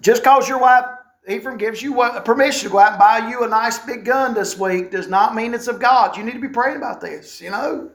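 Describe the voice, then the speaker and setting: A middle-aged man preaching a sermon as a pastor, folksy and animated, with wry asides. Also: extremely high pitch, a little fast. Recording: echoey room sound.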